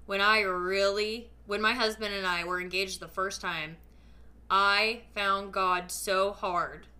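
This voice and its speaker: A woman's voice: mid-range voice, bright, forceful tone. A woman hosting a podcast, speaking to listeners in a casual, emphatic and earnest faith-based motivational talk. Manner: casual, with frequent fillers. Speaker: podcast host.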